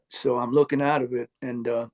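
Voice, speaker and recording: A man earnestly recounting a personal experience, halting often with fillers and restarts. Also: medium pitch, little pitch movement, a little mellow. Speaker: near-death experience storyteller. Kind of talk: personal testimony interview.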